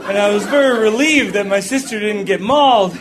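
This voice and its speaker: High-voiced comic storyteller with live crowd. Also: male voice, brisk, noisy background. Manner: animated, jokey, acts out voices.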